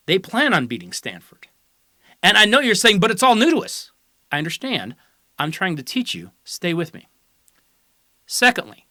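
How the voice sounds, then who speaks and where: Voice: medium pitch, sharp tone, dry recording, studio quality. A host giving opinionated college football commentary in a sarcastic, teasing, lecturing way.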